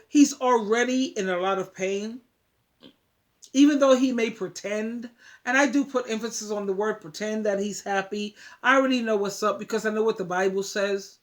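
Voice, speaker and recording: A woman giving emphatic, preachy relationship advice straight to her viewers, often repeating words. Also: a little high. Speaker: advice vlogger. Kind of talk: casual talk to camera.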